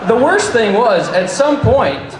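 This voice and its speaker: A man tells a personal story live to an audience, with wry, deadpan humor and the odd curse. His pitch swings widely as he talks. The sound is roomy, with a faint hum of ambient noise behind him. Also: takes it slowly, a crowd in the background. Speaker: storyteller at a campfire event.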